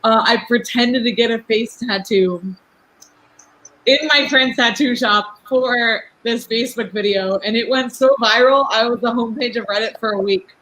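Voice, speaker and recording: Chatty outspoken young woman, bright voice. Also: a little high, rough recording. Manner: fast, chatty, lots of "like" fillers; outspoken, laughs often. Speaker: guest, rapper. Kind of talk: casual podcast chat.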